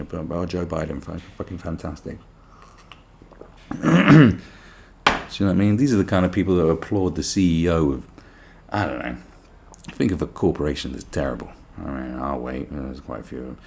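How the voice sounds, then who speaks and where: A man's voice: extremely low pitch, expressive, normal speed, gravelly, pauses often, darkish tone. A man hosting a podcast, delivering a sarcastic, profane political rant full of mockery. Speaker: podcast host. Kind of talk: ranting political monologue.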